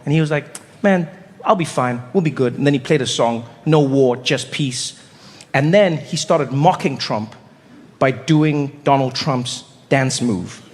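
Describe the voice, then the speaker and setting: A man doing stand-up comedy, telling animated stories and jumping into character voices. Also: fairly high pitch, long reverb tail.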